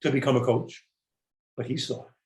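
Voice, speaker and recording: A man's voice: medium pitch, steady tone, fairly quick, a little mellow, echoey room, low-quality recording. A man hosting an interview in a reflective way, retelling stories and quoting people as he asks questions. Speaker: podcast host. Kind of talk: conversational interview.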